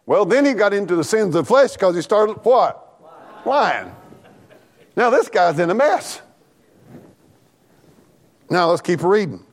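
A man preaching an animated, folksy sermon in church, talking back and forth with the congregation and laughing along. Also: high-pitched, unhurried, long pauses. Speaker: pastor.

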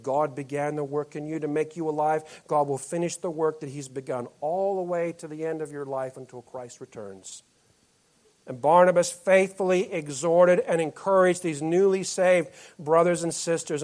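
A man preaching a sermon as pastor, moving between loud emphatic lines and quiet, slowed-down ones. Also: fairly high pitch.

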